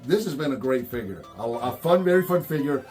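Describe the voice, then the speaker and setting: A man's voice: mid-range voice, fairly quick, faint music behind. A man hosting a toy review channel, chatting casually and acting out what people said. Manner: animated storyteller, acts out quotes. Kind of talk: casual chat.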